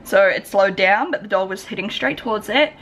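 A woman's voice: mid-range voice, brisk, a bit bright, a little hiss or hum. A young woman with a New Zealand accent chatting casually to camera in a home vlog, full of "like" fillers. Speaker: vlogger.

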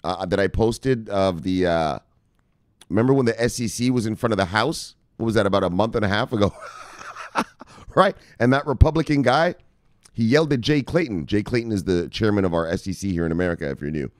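A man's voice: on the low side, lively intonation, brisk, no echo, clean studio sound. A man hosting a crypto news show, talking casually with lots of swearing, laughter and playful asides. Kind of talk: casual profane news commentary.

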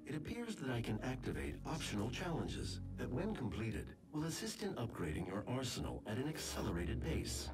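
A man voicing a calm male AI giving diagnostics in a game, measured and technical. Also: medium pitch, lightly acted. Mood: informative. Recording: game audio behind music.

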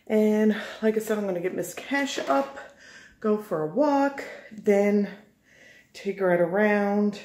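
A woman's voice: mid-range voice, lively intonation, slow pace, darkish tone, slight background noise. A woman, chatting casually to the camera in a vlog and laughing often. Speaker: vlogger.

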